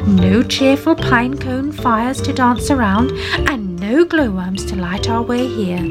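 A woman voicing a cheerful lady rabbit in a children's story, praising her helpers over loud music. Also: fairly high pitch, slow. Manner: lively, cheering.

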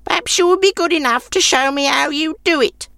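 A shrill, sour old woman. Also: fairly quick, creaky, sharp tone, no echo, studio quality, full character voice. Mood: sour grudging. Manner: snorting, ungracious.

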